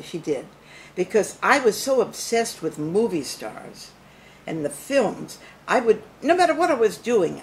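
A woman's voice: on the low side, creaky, slight background noise. An older woman entertainer, reminiscing theatrically about show business at her home. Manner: theatrical, animated storyteller. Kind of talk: showbiz reminiscing to camera.

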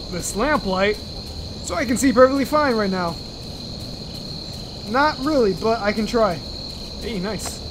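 A man's voice: very high voice, background noise. A young man commenting as he plays a horror game, jumpy, swearing and screaming whenever he is startled. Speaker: gaming channel host.

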